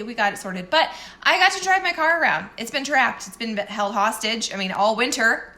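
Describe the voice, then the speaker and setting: A woman's voice: medium pitch, sharp tone. A woman chatting candidly in a casual morning vlog as a fitness coach, self-deprecating and often laughing.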